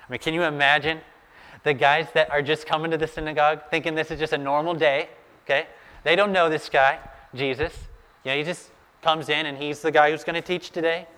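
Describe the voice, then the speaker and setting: A male pastor preaching a sermon, telling the story in an animated way and urging his listeners to imagine the scene. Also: on the high side, normal speed, pauses often, smooth, long reverb tail.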